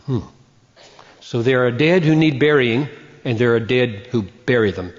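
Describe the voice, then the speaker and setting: A man preaching a sermon, emphatic and deliberate, with slow dramatic pauses that build to a point. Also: mid-range voice. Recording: muffled, long hall reverb.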